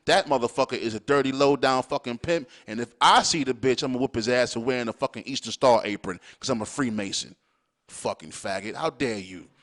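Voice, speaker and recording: A man's voice: lowish voice, fairly bright tone. A man hosting a podcast, ranting bluntly and profanely, hammering his points home with repeated check-ins to the listener. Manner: emphatic, hammering points with "all right?". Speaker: podcast host. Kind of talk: opinionated monologue.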